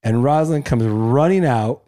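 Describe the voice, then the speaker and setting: A middle-aged man co-hosting a podcast, telling a story in lively casual chat and teasing his co-host. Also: medium pitch, normal speed, dry recording, studio quality.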